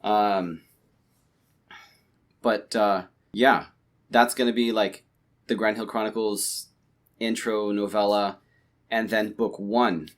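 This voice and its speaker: Low-voiced man rambling casually. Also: fairly even intonation, slow, long pauses. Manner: rambling, many restarts and fillers. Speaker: podcast co-host. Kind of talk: casual chat. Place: home, late at night.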